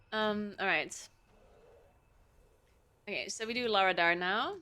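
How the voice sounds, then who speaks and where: A woman's voice: medium pitch, sharp tone, smooth. A woman streamer chatting casually and thinking aloud while setting up her game, laughing often. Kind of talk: casual live-stream chat while gaming.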